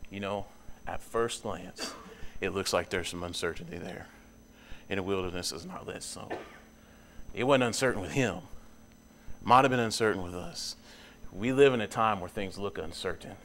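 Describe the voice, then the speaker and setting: A young man preaching in a church, earnest, his voice climbing high and loud when he presses a point. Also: moderate pace, long pauses. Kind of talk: sermon. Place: church sanctuary.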